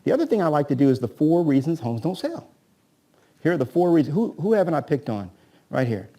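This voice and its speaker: Coaching man with a mellow, higher voice. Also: big pitch swings, a little fast. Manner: rhetorical, keeps asking "right?"; acts out agent-seller dialogues. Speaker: real estate coach. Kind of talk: live seminar teaching.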